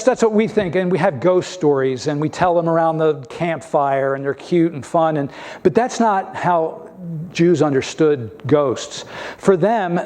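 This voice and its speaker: A man's voice: a little high, darkish tone. A male pastor preaching a sermon in a conversational, emphatic way, asking many rhetorical questions.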